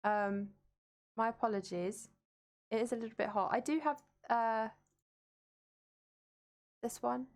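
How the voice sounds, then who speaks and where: A woman streams a game from home with a desk mic and no webcam, chatting casually while gaming and greeting viewers as she reads their messages aloud. Her voice is on the high side and steady in tone, with a measured pace and long pauses.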